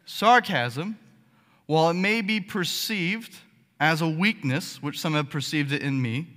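A man preaching a sermon as pastor, animated and sarcastic, checking in with the congregation with frequent "okay?" asides. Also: a little high, a little slow. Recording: long hall reverb.

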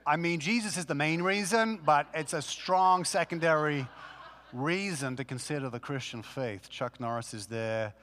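Pastor guy preaching a sermon, chatty and animated, asks lots of rhetorical questions, echo tail from the hall. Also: fairly high pitch, normal speed.

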